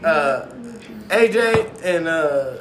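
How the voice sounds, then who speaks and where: A man's voice: a little high, expressive, drawn-out words, noisy background. Brash slangy man in echoey room. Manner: brash, joking, heavy slang. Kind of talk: casual chat.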